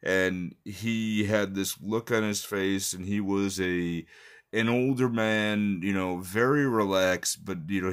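A man's voice: lowish voice, fairly bright tone. A man in his thirties from the United States telling a personal story in a rambling way, full of fillers, that turns heated as he goes.

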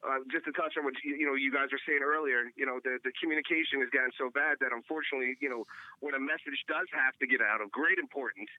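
A man's voice: medium pitch, quick pace, no room sound. New York man calling in on a muffled line. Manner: rambling, many fillers and restarts. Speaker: caller. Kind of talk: casual call-in chat. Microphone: phone call.

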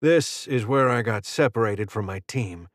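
A man's voice: mid-range voice, normal speed, no echo, studio quality, lightly acted. A man voicing a wounded, wry male soldier in an audiobook, terse and short of breath. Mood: gruff.

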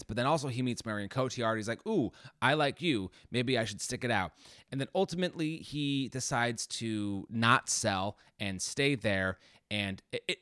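A man's voice: medium pitch, fairly bright tone, dry recording, clean studio sound. A man co-hosting a podcast, chatting casually with lots of restarts and casual swearing. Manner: rambling, frequent restarts and laughter. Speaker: podcast co-host. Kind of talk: casual chat.

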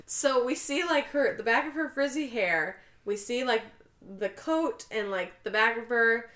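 A woman's voice: fairly high pitch, lively intonation, unhurried, fairly bright tone, reverberant. A woman co-hosting a casual chat, retelling a story and acting out the characters' lines. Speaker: podcast co-host recapping a film.

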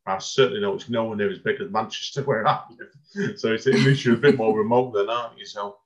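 A man's voice: on the low side, quick pace, muffled recording. A man hosting a podcast interview over a video call, chatty and rambling, laughing often and interrupting himself. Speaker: podcast host. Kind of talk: casual interview chat.

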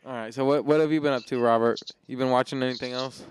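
A man's voice: medium pitch, steady tone, quick pace, crowd noise. A man co-hosting a casual podcast chat, teasing and joking with his friends. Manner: teasing, jokey. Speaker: podcast co-host.

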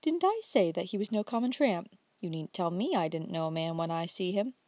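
A woman voicing a proud, teasing young woman who speaks coolly and quietly. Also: fairly low pitch, lively intonation, fairly quick, no echo, lightly acted. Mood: smug.

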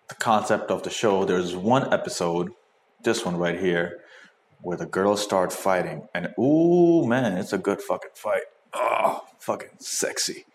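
A man hosting a casual podcast, reacting to clips with crude, profane commentary and loud whoops. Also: low-pitched. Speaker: podcast host. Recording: echoey room, faint noise.

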